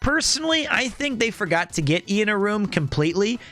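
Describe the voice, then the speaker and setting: A young man hosting a stream, telling a rambling, joking story in a casual, animated way. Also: high voice, brisk, faint music behind. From United States. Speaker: streamer host.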